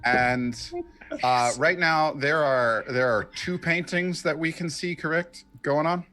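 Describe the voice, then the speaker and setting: A man's voice: on the high side, bright, forceful tone, soft background music. A man playing a tabletop role-playing game, casually describing his character's actions and thinking aloud as he goes. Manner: deliberate, thinks aloud with fillers. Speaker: player.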